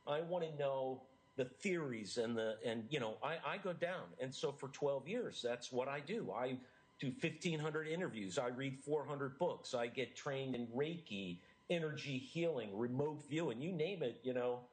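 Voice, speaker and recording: A man's voice: mid-range voice, moderate pace, poor audio. A middle-aged man, an interview guest, telling a personal story in an earnest, emotional way with frequent laughs.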